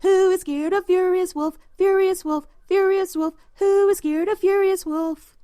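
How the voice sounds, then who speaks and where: A woman voicing three defiant little pigs who chant in a high, sing-song way in a storybook reading. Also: expressive, slow pace, a little mellow, no room sound, studio quality, full character voice. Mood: taunting song.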